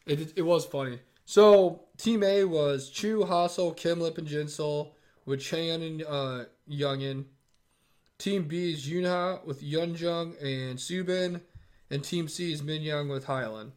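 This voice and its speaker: A man co-hosting a casual chat, retelling a TV episode with lively acted-out quotes. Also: fairly high pitch, unhurried. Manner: animated retelling, acts out quotes in a raised voice. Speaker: podcast co-host. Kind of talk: casual chat recapping a TV show.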